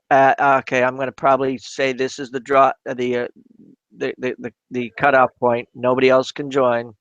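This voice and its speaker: Male crafting-stream host, halting and chatty, lo-fi dry sound. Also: medium pitch, clean tone, dry recording. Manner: halting, with frequent restarts and repeated words. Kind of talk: casual live-stream chat while crafting.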